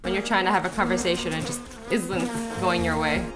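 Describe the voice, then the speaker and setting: A woman's voice: fairly low pitch, steady tone, brisk, loud music behind the voice. A young woman hosting a reaction video, chatting playfully and exclaiming at what she watches. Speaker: YouTube host. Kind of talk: reaction commentary.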